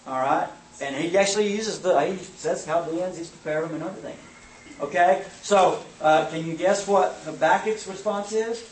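A man's voice: high-pitched, moderate pace, a little hiss or hum. A man teaching an informal Bible survey lesson, conversational and often checking in with his listeners. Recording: echoey room, mic at a distance.

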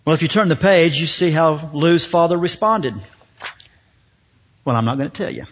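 Pastor, male, higher-pitched voice; sermon delivery with dramatic storytelling pauses; dull, muffled recording. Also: expressive, fairly bright tone.

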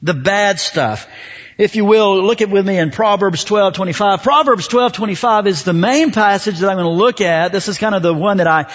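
Pastor, male, higher-pitched voice; sermon delivery with dramatic storytelling pauses; dull, muffled recording. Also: fairly bright tone.

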